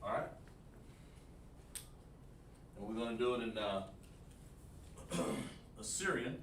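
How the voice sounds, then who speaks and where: A man's voice: fairly low pitch, moderate pace, a bit bright. A man teaching a live-streamed language lesson, repeating himself and asking the chat for feedback. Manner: repetitive, coaching, asks the chat for feedback. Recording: echoey room, distant mic, faint noise.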